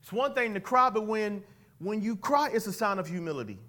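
A man preaching a sermon as pastor, animated and conversational, drawing call-and-response from his congregation. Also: sits high, brisk.

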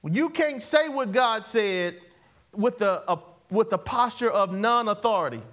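His high, fairly bright voice carries lively intonation and moves a little slowly. Preaching a sermon, he urges his congregation on through call-and-response, returning to catchphrases and chuckling between points.

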